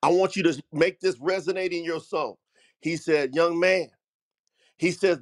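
A man's voice: a little high, moderate pace. A middle-aged man hosting a talk, telling a story with emphatic, preacher-like energy and calling his listeners family. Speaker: host. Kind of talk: motivational storytelling.

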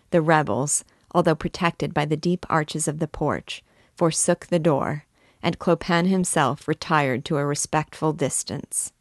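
A woman with a low voice reads a classic novel aloud at a measured pace. She gives the characters' cries a little extra lift. The recording is close and dry. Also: no room sound. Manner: measured, lightly voicing the characters' shouts. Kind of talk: unabridged audiobook reading.

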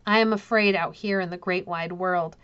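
A woman's voice: fairly low pitch, steady tone, normal speed, fairly bright tone, clean tone, dry recording, natural voice. Woman reading as a timid pleading young boy, slightly raised voice, dry muffled audio. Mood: frightened. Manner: pleading, earnest. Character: gentle frightened young boy, earnest.

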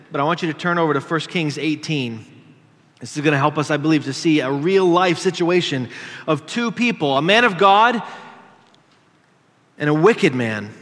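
An earnest man preaching as pastor, reading scripture aloud with emphatic weight. His voice sits a little higher than most men's. The sound carries a long reverb, as if filling a large church sanctuary. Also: a bit bright.

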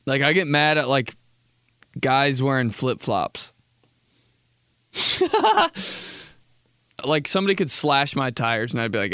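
A man's voice: mid-range voice, lively intonation, unhurried, pauses often, fairly bright tone, clear, resonant tone. A young man hosting his own podcast and riffing casually from a studio. He rambles between jokes, laughs a lot and throws in dude and bro. The room is dry, with no echo. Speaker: podcast host. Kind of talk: casual comedic monologue.

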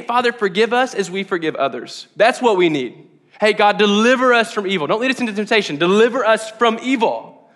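Bright high-voiced man preaching in a hall. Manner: conversational and animated, rising to emphatic exhortation. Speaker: pastor. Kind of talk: sermon.

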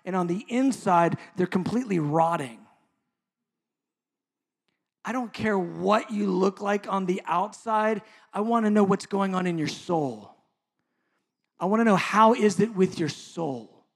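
A middle-aged man preaching a sermon as pastor, impassioned and then soft and intimate by turns. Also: high-pitched.

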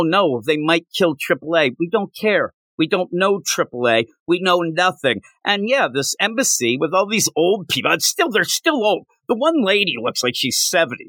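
Sarcastic lively male comic podcaster. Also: on the high side, no echo. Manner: sarcastic, exasperated, mocks lines in put-on voices. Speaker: podcast co-host. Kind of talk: casual comic book review chat.

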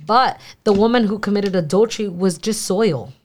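A young woman whose first language is Spanish, sharing earnestly in a casual church group discussion. She pauses to find English words and acts out little quoted voices. Her voice sits at a middle pitch. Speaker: church youth group member.

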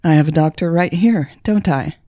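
A woman's voice: deep voice, moderate pace, mellow, no room sound, clean studio sound, natural voice. A woman reading as a distracted young woman who works in sales, in a storybook. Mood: offhand.

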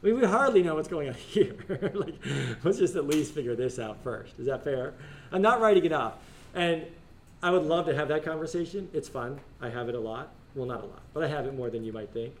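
A man leads a class discussion with a very lively, swooping voice that sits a little high for a man. He jokes and laughs often, with faint room noise behind him. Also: brisk. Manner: animated, joking, laughs often. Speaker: teacher. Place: school classroom.

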